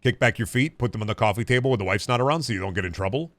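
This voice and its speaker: Laid-back low-voiced man rambling on stream. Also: racing, fairly bright tone, no echo. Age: 30s. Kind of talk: casual gaming-stream chat.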